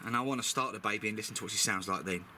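A man's voice: lowish voice, racing, noisy background. A middle-aged British man chatting bluntly through a DIY car service, swearing freely as he works. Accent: British English. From Britain. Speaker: DIY car mechanic vlogger. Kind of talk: casual how-to commentary.

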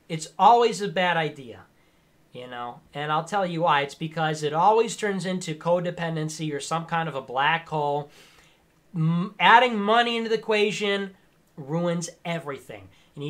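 A man's voice: high voice, a bit bright. A man ranting on a live stream, lecturing emphatically and repeating his points.

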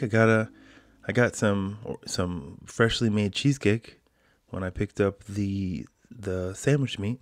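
A man's voice: on the low side, slow pace. A man hosting a solo podcast, ranting in a casual, slangy way and calling people bro. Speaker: podcast host. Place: home, quarantine.

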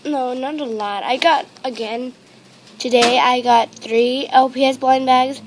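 A woman's voice: high-pitched, steady tone, unhurried, a little hiss or hum. A woman unboxing toys on camera at home, rambling and gushing with lots of ums and repeated exclamations, into a handheld camera mic. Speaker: toy unboxing vlogger. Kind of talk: casual unboxing chat to camera.

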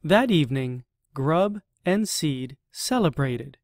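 A storyteller reading a children's picture book aloud, unhurried to an extreme, letting each phrase settle before the next. The voice sits at a middle pitch and the recording is close and dry. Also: expressive, no echo. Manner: very slow, deliberate reading with long pauses.

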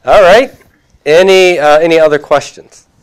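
A man's voice: on the high side, moderate pace, clear, resonant tone. A man teaching a class, reviewing homework and prompting students with questions, with occasional chuckles.

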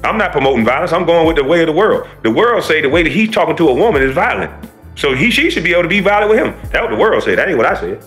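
A man delivers a profane, preachy rant as a reaction commentator. His voice is bright and forceful and lifts a little high, with lively swings. Faint music plays behind him. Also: racing.

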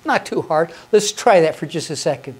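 A woman's voice: low-pitched, expressive, normal speed, darkish tone, husky. A woman giving a patient, encouraging lesson on conducting hymns, counting the beats aloud. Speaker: music teacher.

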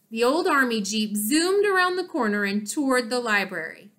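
A woman narrating a children's chapter book in an expressive storytelling manner. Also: on the high side, moderate pace, few pauses. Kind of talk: children's audiobook reading.

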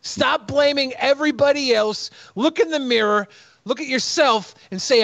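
A man's voice: extremely high pitch, moderate pace, gravelly, fairly bright tone, no room sound. A man co-hosting a commentary show, mocking and blunt, swearing freely. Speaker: co-host. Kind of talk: commentary on clips.

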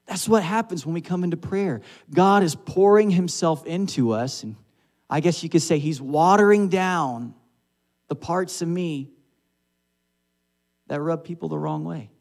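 A man's voice: on the high side, measured pace, creaky, darkish tone. A man preaching a sermon in a church sanctuary, speaking in a conversational way and asking his congregation questions. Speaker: pastor.

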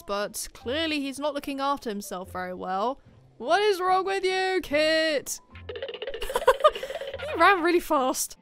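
A woman giving chatty, excitable let's-play commentary over a life-simulation game, often breaking into giggles. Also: on the high side. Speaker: gaming channel host.

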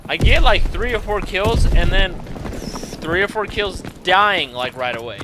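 A man's voice: sits high, expressive, measured pace, background noise. A young man giving profane, frustrated gameplay commentary, breaking into angry outbursts. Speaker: gaming video creator. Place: at home playing a console shooter. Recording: loud gunfire from the game behind the voice.

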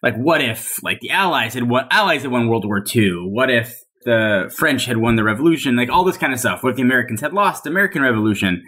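A man's voice: mid-range voice, fast, hardly any pauses. A man guest on a tech podcast, talking casually and animatedly with many "like"s and restarts. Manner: animated, filler-heavy storytelling.

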